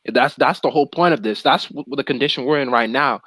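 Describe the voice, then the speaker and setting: A man's voice: medium pitch, fast talker, fairly bright tone, no room sound, poor audio. A young man in casual religious discussion who reads long scripture passages aloud in slangy everyday talk. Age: young adult. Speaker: co-host of religious talk show.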